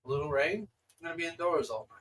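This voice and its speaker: A man's voice: fairly high pitch, lively intonation, quick pace, a bit bright, far from the mic, voice pushed up, rough recording. Man doing a jaded, world-weary warlord. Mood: dismissive.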